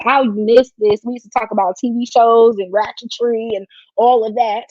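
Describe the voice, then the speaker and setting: A woman's voice: on the high side, fairly even intonation, normal speed, a little mellow, no room sound. A woman hosting a casual live stream, talking in a heartfelt, slangy way while close to tears. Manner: emotional and heartfelt, slangy and informal. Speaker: livestream host. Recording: dry, slightly dull lo-fi stream audio.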